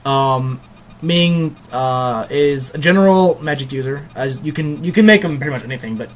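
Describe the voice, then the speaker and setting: A man's voice: a little high, normal speed, slight background noise. Rambling young male game reviewer. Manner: rambling, frequent ums and restarts, crude jokes. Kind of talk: casual review chat.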